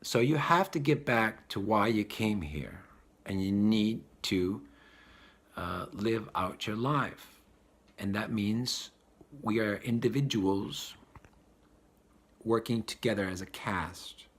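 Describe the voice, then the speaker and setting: A man giving a spiritual talk, animated and acting out the voices of the people he describes. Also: lowish voice, slow, husky. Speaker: spiritual teacher.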